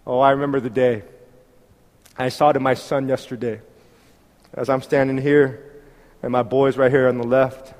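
A man in his fifties preaching a heartfelt sermon, swinging between loud exhortation and soft, intimate asides. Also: medium pitch, flat delivery, moderate pace, pauses often. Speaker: pastor. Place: church hall. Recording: long reverb of a church hall.

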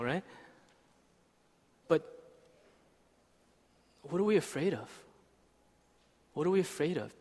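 Young male preacher, casual chatty delivery, slightly high voice, reverberant church hall. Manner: conversational, asks "right?" often. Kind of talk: sermon.

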